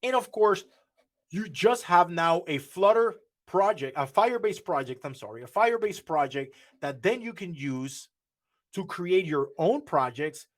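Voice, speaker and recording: A man's voice: sits high, animated, measured pace. Man talking through a coding demo. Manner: explanatory, repeats and restarts phrases. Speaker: workshop instructor. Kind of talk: live coding workshop.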